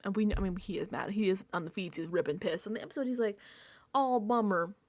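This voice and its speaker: A woman doing casual recap commentary on her vlog, animated and profane and laughing often. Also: medium pitch, very fast. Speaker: reality TV recap vlogger.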